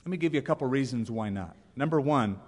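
A man preaching a sermon as pastor, lively and humorous, reading out examples and scripture. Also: medium pitch, quick pace. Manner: animated, reads quotes with humor. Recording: long reverb of a church hall.

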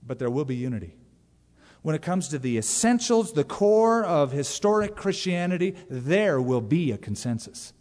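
A man's voice: fairly high pitch, a little mellow, long reverb tail. A man preaching a sermon as pastor, emphatic and conversational, with direct asides to the congregation.

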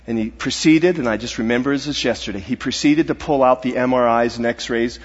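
A middle-aged guest speaker tells a personal story during a sermon in a church sanctuary, earnest and halting, his husky mid-range voice falling to a hush at the serious moments. The recording has a dull, reverberant hall sound.

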